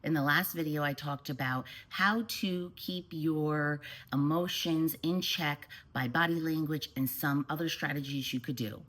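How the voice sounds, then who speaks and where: A woman parent coach giving calm, steady advice straight to the camera. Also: deep voice, unhurried, few pauses, rough recording.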